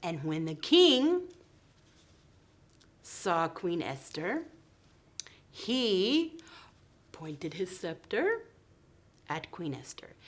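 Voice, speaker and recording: With a fairly low-pitched voice, this woman reads a story aloud to small children as their preschool teacher, keeping it slow and expressive and often sinking to gentle whispers.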